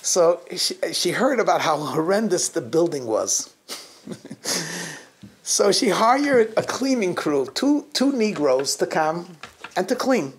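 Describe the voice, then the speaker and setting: A man's voice: high-pitched, big pitch swings, takes it slowly, slightly rough. A middle-aged man, a rabbi, telling anecdotes to his congregation, often chuckling mid-sentence and restarting his phrases. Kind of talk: anecdotal holiday talk to a congregation.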